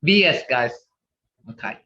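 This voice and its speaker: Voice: medium pitch, expressive, measured pace, pushed and bright, far from the mic. An older language teacher leading an online class, repeating and drilling words between chatty asides, heard over a video call. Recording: roomy, dull video-call audio.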